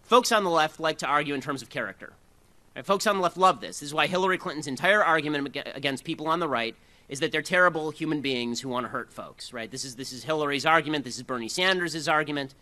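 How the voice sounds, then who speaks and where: Man delivering a combative speech, bright, tense, higher pitched. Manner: fast, combative, sarcastic delivery. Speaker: speaker giving a talk. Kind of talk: speech to a live audience.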